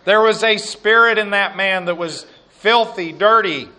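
Slow, bright-voiced male preacher. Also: high voice. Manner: slow, emphatic preaching, dropping to quiet asides. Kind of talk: sermon with scripture reading.

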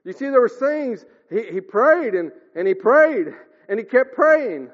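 A man's voice: very animated, measured pace. A man preaching a sermon in an earnest way, often calling his listeners dear ones and swinging his voice up and down. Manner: earnest, addresses listeners as dear ones, rises and drops in pitch. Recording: lo-fi with long hall reverb.

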